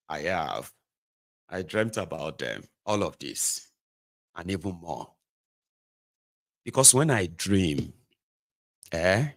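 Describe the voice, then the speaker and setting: A Nigerian man hosting a casual livestream monologue from a home studio, animated, slipping into pidgin and acting out little scenes. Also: low voice, no room sound. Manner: animated, mixes pidgin and Yoruba, acts out voices. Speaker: host.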